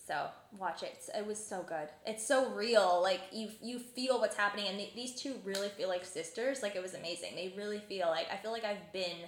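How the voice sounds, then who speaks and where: A woman's voice: mid-range voice, brisk, few pauses, a little hiss or hum. Chatty young woman in an echoey room. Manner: chatty, many fillers like "like". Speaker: podcast co-host. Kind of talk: casual chat about films.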